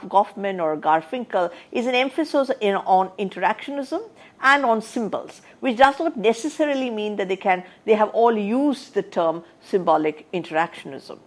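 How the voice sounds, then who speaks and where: Woman giving a halting academic lecture. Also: mid-range voice. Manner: thoughtful, with frequent "uh" fillers and restarts.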